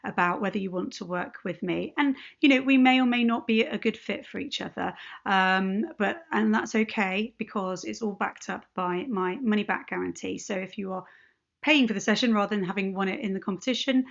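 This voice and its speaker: A woman coach speaks straight to her viewers in a relaxed, unscripted way. Her voice has a gravelly, fry-laden texture at a mid pitch. The recording sounds slightly dull and lo-fi. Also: a little fast. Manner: chatty, informal, addresses viewers directly. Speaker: ADHD hypnotherapist and coach. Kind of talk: unscripted direct-to-camera message.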